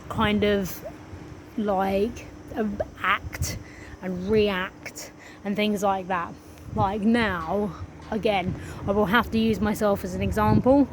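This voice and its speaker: Slow, earnest woman talking spirituality. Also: mid-range voice, background noise. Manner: earnest, swears freely, slow and drawn out. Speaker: spiritual vlogger. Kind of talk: casual spiritual monologue.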